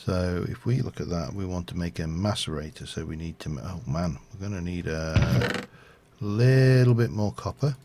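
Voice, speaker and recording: A man with a low, gravelly voice talks his way through a game session, rambling and thinking aloud between fillers. His casual commentary comes through a noisy home stream recording. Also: normal speed, warm tone.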